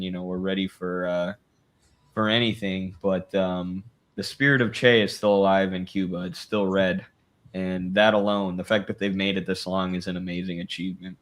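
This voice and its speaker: Low-voiced man in rambling profane chat. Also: fairly even intonation. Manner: rambling, profane, quick to laugh. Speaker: podcast co-host. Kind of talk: casual political chat.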